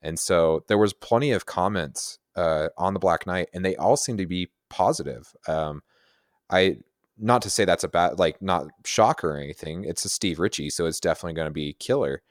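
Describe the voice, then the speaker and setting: Deep voiced guy, enthusiastic, laughs a lot, dry close sound. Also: moderate pace, no echo. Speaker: podcast co-host. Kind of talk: casual chat.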